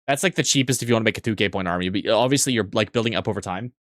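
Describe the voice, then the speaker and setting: A young man chatting casually on a live stream, answering chat with quick asides, restarts and frequent swearing. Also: lowish voice, a bit bright, no echo, clean studio sound.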